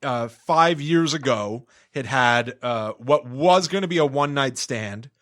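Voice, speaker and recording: A man co-hosting a book podcast, talking haltingly with frequent laughs and restarts. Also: mid-range voice, fairly bright tone. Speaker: podcast co-host. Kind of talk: casual book-club chat.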